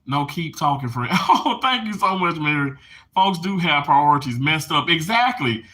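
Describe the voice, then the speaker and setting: A man live streaming casually to his chat, emotional and animated, laughing and tearing up as he talks. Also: fairly high pitch, moderate pace.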